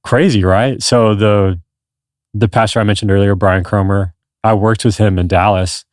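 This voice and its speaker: A man in his thirties with a lowish voice tells his story in an earnest, rambling way, with many restarts. The sound is dry and close, with no room around it. It has the easy flow of a podcast chat. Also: steady tone, normal speed, a little mellow, dry recording. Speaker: podcast guest. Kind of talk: casual conversation.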